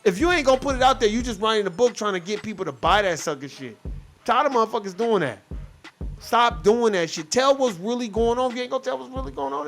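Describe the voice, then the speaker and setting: Brief: high-voiced man, heated profane podcast rant, faint music underneath. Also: quick pace, a bit bright. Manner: profane, heated, mocks others in quoted voices. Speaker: podcast host. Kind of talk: casual ranting commentary.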